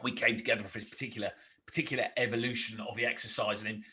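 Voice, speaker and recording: A man's voice: lowish voice, rapid-fire. A man co-hosting a podcast, telling army stories in a chatty, self-mocking way. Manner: chatty, animated when quoting, self-mocking. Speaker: podcast co-host, ex-army officer. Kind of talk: casual conversational storytelling.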